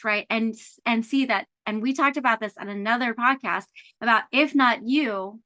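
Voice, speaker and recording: Bright, higher-pitched woman in a dry sound. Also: normal speed, dry recording. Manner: encouraging, reflective, filler-heavy. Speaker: podcast co-host. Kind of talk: casual podcast chat.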